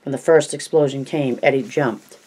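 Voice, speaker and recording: An amateur reader narrating a novel aloud at a middling pitch. The reading is unpolished, with stray coughs and restarted words. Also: fairly even intonation, moderate pace, a little mellow, breathy edge. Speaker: audiobook reader.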